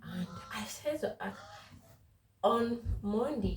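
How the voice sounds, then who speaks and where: A woman's voice: lowish voice, moderate pace, creaky, mellow, echoey room, distant mic, a little hiss or hum, rough recording. A woman with a cold sharing her recent weeks in a candid, rambling vlog, laughing often. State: congested with a cold. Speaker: faith vlogger. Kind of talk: casual personal vlog.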